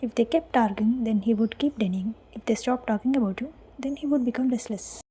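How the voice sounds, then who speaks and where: A woman reading a fan-fiction story aloud as its narrator, in a soft, breathy near-whisper. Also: on the high side, a little fast, a little hiss or hum, low-quality recording.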